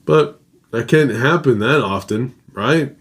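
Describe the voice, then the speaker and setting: A man's voice: mid-range voice, takes it slowly, breathy edge. A man hosting a show, reading a listener's ghost story aloud in a casual, dramatic way with his own asides. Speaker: host.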